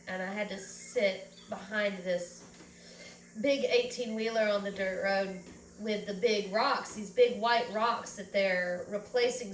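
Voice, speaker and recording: Woman vlogger, slow, rambling and teary; roomy, distant recording with faint background noise. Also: medium pitch. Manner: rambling, emotional, close to tears. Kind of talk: personal vlog monologue.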